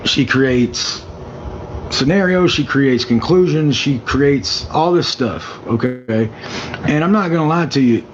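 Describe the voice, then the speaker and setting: A man's voice: medium pitch, slow pace. A man talks defensively to his followers in a casual, rambling way, circling back over the same points. The clip sounds dull and slightly muffled, with faint noise underneath. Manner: defensive, repeats himself, lots of "like".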